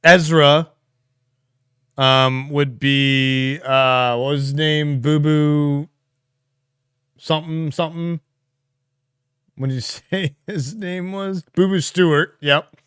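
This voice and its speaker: Slow and fairly high-pitched, this co-host pauses often, his smooth voice captured in a dry, studio-quality recording. He keeps things relaxed on the livestream, thinking through viewers' comments aloud with fillers and laughs.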